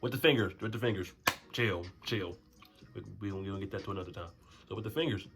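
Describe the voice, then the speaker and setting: A young man tells a story in a casual storytime vlog, animated and slangy. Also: fast talker, over music. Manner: animated, swings to high voices for quotes. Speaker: storyteller vlogger.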